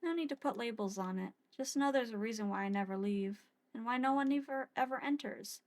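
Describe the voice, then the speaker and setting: A woman's voice: a little high, brisk, a little mellow, lightly acted. A woman voicing a mysterious non-human shopkeeper who teases yet looks out for the hero, dry and bossy. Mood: calm. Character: mysterious non-human woman bound to a shop, teasing but caring.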